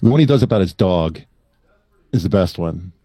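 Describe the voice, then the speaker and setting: A man's voice: deep voice, animated, normal speed, warm tone, no room sound. A man in a casual group chat, rambling and listing things off.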